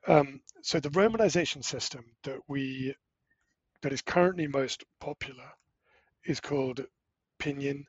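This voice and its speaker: A middle-aged man speaking as an interview guest. He explains animatedly, with quick asides and self-corrections. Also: medium pitch, husky, no echo, highs cut off. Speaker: guest, language-learning startup co-founder. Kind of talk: casual explanatory interview talk.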